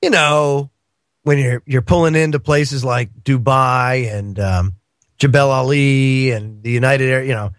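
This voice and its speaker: A man's voice: medium pitch, a little slow, no room sound, studio quality. A man appearing as a guest on a radio talk show, chatting casually about politics in a rambling way, with lots of fillers and chuckles.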